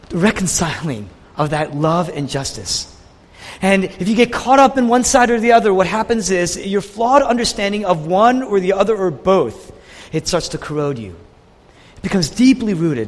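A male pastor preaching with a high, very lively voice that climbs and drops across every phrase. He hammers points by repeating them, and the long reverb of a large hall trails each line. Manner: animated, emphatic, repeats key phrases. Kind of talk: sermon.

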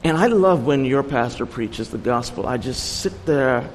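A man's voice: medium pitch, lively intonation, measured pace, few pauses, a little hiss or hum. Man preaching in a reverberant hall. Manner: earnest, anecdotal storytelling with light humor. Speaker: guest preacher. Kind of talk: sermon.

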